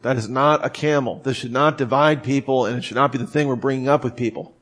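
A man's voice: medium pitch, steady tone, quick pace, a bit bright. A man giving an informal sermon, talking conversationally, leaning hard on key words, with frequent restarts. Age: adult, former smoker. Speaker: preacher.

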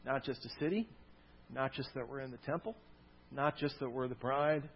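A man preaching a sermon to his congregation, swinging from loud, stressed lines to soft, quiet asides. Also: mid-range voice, moderate pace, highs cut off, slight background noise. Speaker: pastor.

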